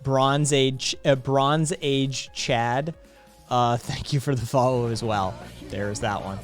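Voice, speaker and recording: A man's voice: mid-range voice, fairly even intonation, takes it slowly, soft background music. A man from Vermont hosting a live stream, chatting casually and rambling with lots of ums and laughs. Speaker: streamer host.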